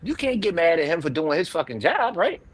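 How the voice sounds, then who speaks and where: A man with a fairly high voice hosts a casual live panel and tells a profane story from home. His delivery is animated and jumpy, and his pitch leaps up and drops low as he acts out each moment. He sounds a little drunk. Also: brisk, low-quality recording. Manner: animated, profane, swings loud and quiet while telling stories. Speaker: live show panel host.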